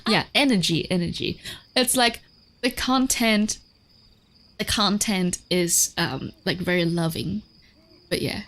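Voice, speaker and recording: A woman's voice: lowish voice, slow pace, long pauses, fairly bright tone. A woman streamer giving casual advice on dogs, chatty, with lots of fillers, swearing and frequent laughter. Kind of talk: casual livestream chat.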